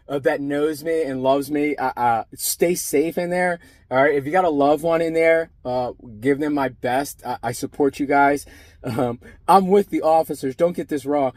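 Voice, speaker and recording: A man's voice: a little high, darkish tone, no room sound. A middle-aged man, a former prison sergeant, ranting casually and profanely to camera, rambling and blunt.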